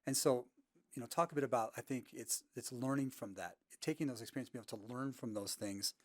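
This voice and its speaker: A man's voice: medium pitch, brisk, no room sound, clean studio sound. A man speaking earnestly in a casual podcast conversation.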